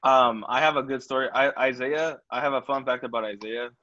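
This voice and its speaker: A young man chats through a story about a friend in an easygoing podcast style. His voice is bright, and the recording sounds a little muffled. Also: mid-range voice, steady tone, a little fast, no room sound. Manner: loose, chatty storytelling. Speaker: podcast co-host. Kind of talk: casual storytelling chat.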